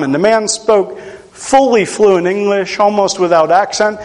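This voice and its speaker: A man from Pennsylvania delivers a sermon in a relaxed, conversational tone. His voice sits high for a man. He drops in dry jokes at his own expense as he teaches. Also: a little slow, poor audio. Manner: conversational, self-deprecating humor. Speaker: preacher.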